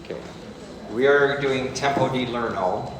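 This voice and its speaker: A man's voice: mid-range voice, measured pace, background noise. A man directing a choir rehearsal, playfully calling out cues, bar numbers and counts. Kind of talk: rehearsal coaching. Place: rehearsal room. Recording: echoey hall, music playing behind.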